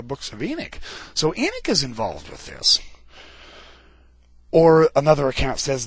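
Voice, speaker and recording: A man giving an informal lecture on scripture, animated and colloquial, with dramatic emphasis and frequent asides to his listeners. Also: mid-range voice, slightly rough, dry recording.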